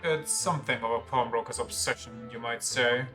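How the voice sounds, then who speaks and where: A streamer voicing a fussy shopkeeper pawnbroker in a measured, precise way while reading game dialogue. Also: medium pitch, fairly even intonation, music in the background, natural voice. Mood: explaining.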